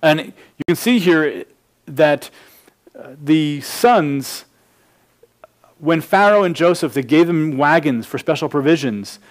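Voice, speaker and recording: Pastor, male, somewhat high voice, expository sermon, numbered points, restarts. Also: slow pace, long pauses.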